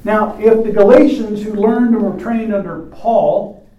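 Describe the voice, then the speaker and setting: A man's voice: sits high, a little slow, mellow, dull audio. A man preaching a sermon in a church, emphatic and full of rhetorical questions. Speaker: pastor. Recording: echoey room, mic at a distance.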